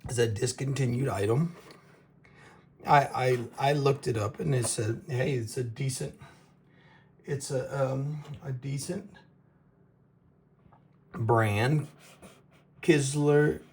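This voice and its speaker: Brief: male host, unhurried and gravelly, casual rambling product reviewer. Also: medium pitch, a little mellow, slight background noise. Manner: rambling, halting, stumbles over names with laughs. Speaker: knife reviewer, show host.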